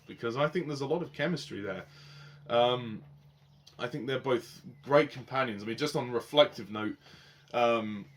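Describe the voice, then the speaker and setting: A man reviewing a TV series in a loose, unscripted way. He talks with passion and rambles, rising into heated complaint and then dropping into quieter reflection. His voice sits at an ordinary middle pitch. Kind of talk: casual spoken review.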